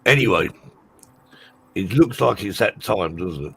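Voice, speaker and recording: A man hosting a live talk show in casual chat, jovial and quick to laugh. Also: fairly low pitch, animated, gravelly, fairly bright tone, slight background noise. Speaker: show host.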